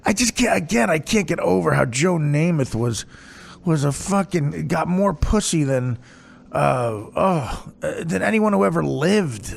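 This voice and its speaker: A man hosting a podcast, talking in a casual, rambling monologue full of crude, profane jokes and deadpan asides. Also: a little high, a little slow, gravelly. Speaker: podcast host.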